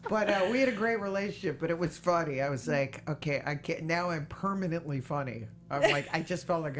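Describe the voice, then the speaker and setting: Female podcast host, low voice, chatty and animated storyteller. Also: brisk, few pauses. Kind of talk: casual interview chat.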